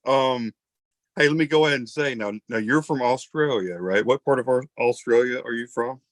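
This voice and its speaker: A man's voice: medium pitch, normal speed, dry recording. A man hosting an interview, chatting in a rambling, folksy, self-deprecating way. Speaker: host. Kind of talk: casual interview chat.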